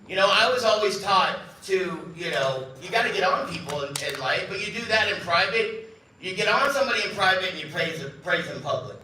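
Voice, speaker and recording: A man in his fifties gives a self-mocking, conversational keynote to a live crowd, acting out the exchanges in his anecdotes. His voice sits high and sounds pushed and bright. The recording comes from a distance in an echoey event hall, with a little hiss or hum.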